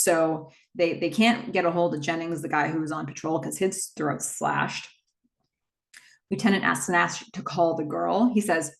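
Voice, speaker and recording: A woman hosting a casual horror movie recap, retelling the plot in a chatty way with quick asides. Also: fairly low pitch, fairly even intonation, vocal fry.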